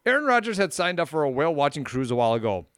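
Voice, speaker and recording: A man's voice: on the high side, sing-song, a bit bright, smooth. Midwestern man, casual podcast co-host. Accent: Upper Midwest American. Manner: mutters and swears at equipment, reads aloud haltingly. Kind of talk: casual chat.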